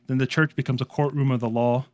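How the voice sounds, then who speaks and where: A man preaching a sermon as pastor, speaking conversationally and moving between raised emphasis and hushed earnestness. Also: mid-range voice, level tone, quick pace, dry recording.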